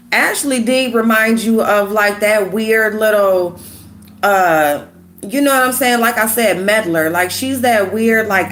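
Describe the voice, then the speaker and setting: A woman with a sick, hoarse voice chatting casually with viewers while doing her makeup, greeting them by name and gossiping. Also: mid-range voice, a bit bright. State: sick, hoarse voice with a runny nose. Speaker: YouTube commentary host.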